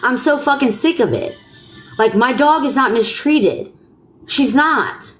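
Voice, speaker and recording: A woman hosting a live stream, talking loudly and bluntly and swearing often in casual chat. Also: sits high, expressive, a little slow.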